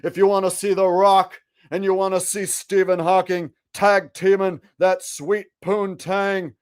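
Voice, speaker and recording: A man doing an impression of a boastful male wrestler, hyping in a loud, drawn-out voice with a sung catchphrase. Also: high-pitched, level tone, clear, resonant tone, pitched above the performer's own voice.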